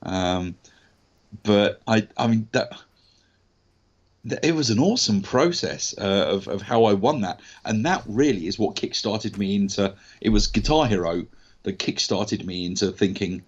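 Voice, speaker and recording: A man's voice: fairly low pitch, a little slow. English man telling a story over a dull line. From England. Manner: candid, animated anecdotes with mild swearing. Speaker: actor guest. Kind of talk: casual storytelling interview.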